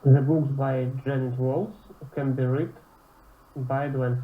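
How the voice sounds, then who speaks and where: A student reads example sentences slowly and hesitantly, filling pauses with ums. The voice comes through a tinny, phone-like line with an echoey room behind it and faint noise. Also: mid-range voice, level tone. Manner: slow, hesitant, with fillers. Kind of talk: reading examples aloud in a lesson.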